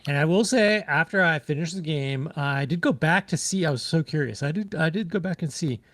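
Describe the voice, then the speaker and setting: A man's voice: a little high, expressive, brisk, a bit bright, dry recording. A man co-hosting a podcast, chatting casually about a video game and retelling scenes with lots of fillers. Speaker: podcast co-host.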